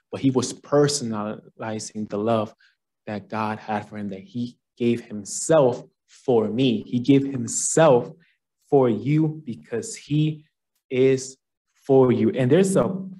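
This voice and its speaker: A young man giving an earnest sermon at a campus fellowship, slowing down on key phrases. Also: mid-range voice, darkish tone. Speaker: guest speaker at a campus fellowship.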